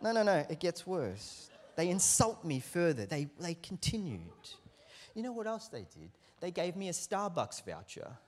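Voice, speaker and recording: A man, preaching a sermon as a lively storyteller who acts out the quotes in his anecdotes. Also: high voice, normal speed, a little hiss or hum. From Australia. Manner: animated storyteller acting out quotes, lively swings in loudness. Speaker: pastor.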